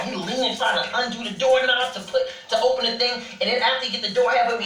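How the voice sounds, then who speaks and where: Sassy storytelling woman, bright and roomy. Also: fairly high pitch, quick pace, hardly any pauses, recorded from a distance. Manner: sassy, calls listeners honey, swears freely. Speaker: host. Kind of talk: casual storytelling to viewers.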